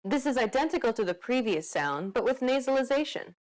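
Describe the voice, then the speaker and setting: A woman explains pronunciation in clear, scripted lesson narration. Her voice is slightly high, and her intonation rises and falls in a lively way. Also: fairly quick.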